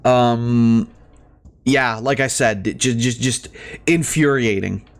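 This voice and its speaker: Taking it slowly in a medium-pitched voice, a gaming streamer vents as he plays. The casual talk is heated and exasperated, thick with swearing and stammered restarts.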